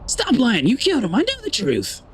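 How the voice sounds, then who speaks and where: A man doing a shrill, paranoid train hider. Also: wildly swooping pitch, brisk, slightly rough, exaggerated voice. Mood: accusing.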